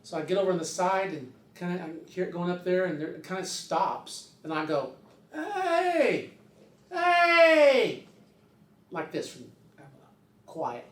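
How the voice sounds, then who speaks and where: Recorded with roomy sound far from the mic, an older man with a slightly high voice speaks fairly quickly. He tells a rambling, casual story and slips into other people's voices along the way.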